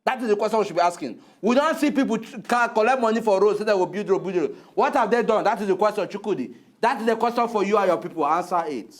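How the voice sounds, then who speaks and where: A Nigerian man ranting loudly in a comedy talk segment, refusing to calm down. His voice runs high and his words come quickly. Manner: loud, heated, insists on raising his voice. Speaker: comic co-host. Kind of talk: comedic argument show.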